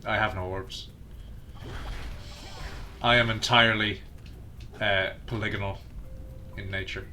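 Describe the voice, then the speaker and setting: A man's voice: on the low side, little pitch movement, a little slow, bright, forceful tone, soft background music. A man streaming a video game, chatting casually with friends and muttering self-deprecating jokes while he searches. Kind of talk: casual gameplay commentary with friends.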